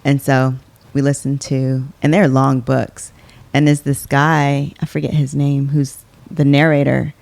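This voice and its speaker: Low-voiced woman co-host. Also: little pitch movement, measured pace, vocal fry, a little mellow, no room sound. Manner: rambling, restarts sentences. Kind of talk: casual chat.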